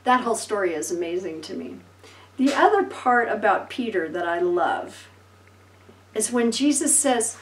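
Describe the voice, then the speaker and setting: A woman pastor preaching a sermon, telling Bible stories with lively acted-out voices and laughter. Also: medium pitch, moderate pace, roomy sound, distant mic, rough recording. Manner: animated storytelling, acting out voices and laughing.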